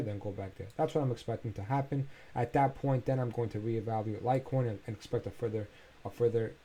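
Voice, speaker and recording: Sharing his screen, a man goes over crypto price charts in a loose, chatty manner, using filler sounds as he thinks aloud. His voice is fairly low and mellow, and he's tired enough to yawn.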